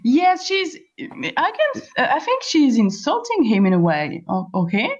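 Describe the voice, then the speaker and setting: A woman teaching an online class, asking questions patiently and spelling words out slowly. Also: high-pitched, huge pitch swings. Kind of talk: online class explaining a play. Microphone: computer voice call. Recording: lo-fi voice-call audio.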